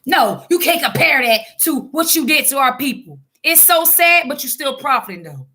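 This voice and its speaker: A woman's voice: high voice, very animated, moderate pace, background noise. A woman giving fiery religious commentary in a vlog, blunt and scolding, preaching at her viewers with frequent restarts. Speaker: online commentator.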